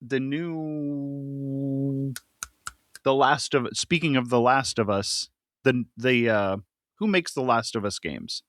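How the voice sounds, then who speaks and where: A man's voice: mid-range voice, takes it slowly, fairly bright tone, no room sound, studio quality. A man co-hosting a casual podcast, giving blunt opinions with a wry chuckle. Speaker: podcast co-host. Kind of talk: casual chat.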